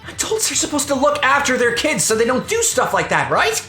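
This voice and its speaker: A woman voicing a brash, protective young man in a visual novel, loud and bright as he scolds. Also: sits high, huge pitch swings, a little fast, voice pushed up, exaggerated voice. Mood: scolding. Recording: echoey room, faint music behind.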